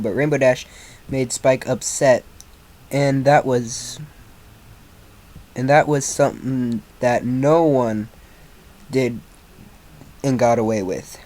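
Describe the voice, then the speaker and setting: Man, slow pace, amateur story reading, halting, stumbles and restarts. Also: mid-range voice, darkish tone. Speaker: fan fiction reader.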